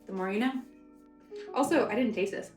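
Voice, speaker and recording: A woman's voice: medium pitch, fairly quick, darkish tone, soft background music. A young woman from the American South, chatting and rambling while she cooks for her vlog. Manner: rambling, chatty, self-interrupting. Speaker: cooking vlogger. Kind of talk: casual cooking vlog chat. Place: home kitchen. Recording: echoey kitchen, mic far off.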